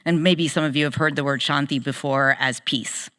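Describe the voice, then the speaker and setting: A woman's voice: low-pitched, steady tone, a bit bright, in a large hall. A woman panelist speaking thoughtfully on a faith panel. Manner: thoughtful, chants Sanskrit prayer slowly. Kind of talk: panel talk with chanting.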